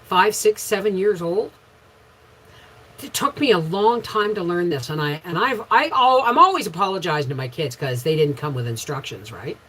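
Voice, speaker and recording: Husky middle-aged woman, frank and rambling. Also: fairly low pitch, animated, moderate pace, poor audio. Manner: frank rambling storyteller with sudden loud bursts. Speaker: homestead channel host. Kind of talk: casual livestream chat answering viewers.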